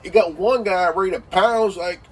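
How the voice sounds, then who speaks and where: A man's voice: sits high, normal speed, distant mic, low-quality recording. A man ranting casually with heavy swearing, repeating himself and leaning on fillers like "you know" and "man". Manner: crude, swearing, insulting. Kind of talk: profane casual rant.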